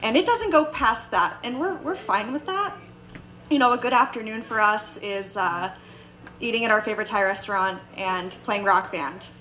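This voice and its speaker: A young woman telling a personal story live on stage, animated and acting out the quoted voices. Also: medium pitch, normal speed, rough recording. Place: bar stage before a live audience.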